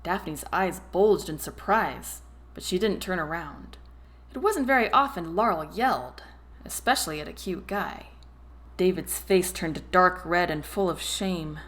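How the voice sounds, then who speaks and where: A woman's voice: fairly low pitch, animated, measured pace, a bit bright. Woman reading a story aloud. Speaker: audiobook narrator. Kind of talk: storybook narration.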